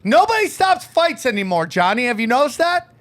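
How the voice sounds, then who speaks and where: A man with a very high voice, talking fairly quickly, hosts a podcast of casual comedic chat. He tells rambling, profane stories in an animated way, complete with put-on voices.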